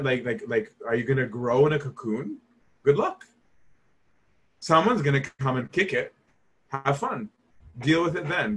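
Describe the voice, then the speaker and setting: A man teaching scripture in a casual, conversational way, emphatic and informal, often asking "right?". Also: mid-range voice. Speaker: Bible teacher.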